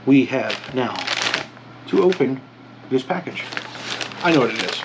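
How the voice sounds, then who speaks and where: A man's voice: medium pitch, lively intonation, a little slow, heavy background noise. A man chatting casually to the camera as an outdoor vlogger, joking and talking viewers through his day. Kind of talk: casual vlog narration.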